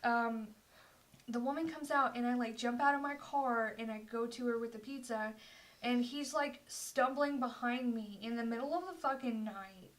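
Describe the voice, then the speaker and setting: A young woman with a slightly high voice, chatting casually on a podcast. She tells her stories with animation and swears freely, slipping into the voices of the people she quotes. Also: normal speed. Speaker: podcast co-host. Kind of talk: casual storytelling chat.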